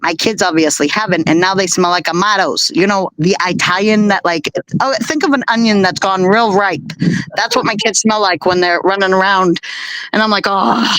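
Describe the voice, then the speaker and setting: A woman's voice: medium pitch, moderate pace, fairly bright tone, dry recording, poor audio. A woman hosting a casual live stream from her bedroom by an open window, chatty and rambling, laughing often.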